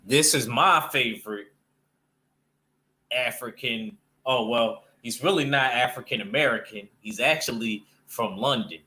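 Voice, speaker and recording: A comic book vlogger rambles casually about comics, his mid-range voice a little slow, pushed and bright. His chat is full of loose slang and plenty of fillers.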